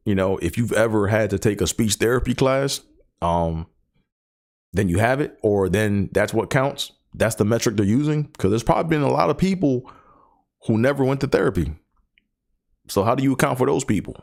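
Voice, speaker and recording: A man's voice: lowish voice, gravelly. A man hosting his own show, talking casually and rambling about stuttering, with many fillers, repeated words and the stutter he lives with. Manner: person who stutters. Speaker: podcast host. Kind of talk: casual solo chat.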